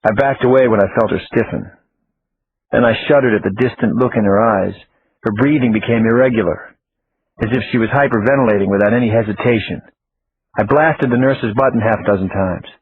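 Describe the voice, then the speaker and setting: A man narrating an audiobook in the first person, plain and steady. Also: lowish voice, fairly quick, husky. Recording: tinny phone-like audio, faint music.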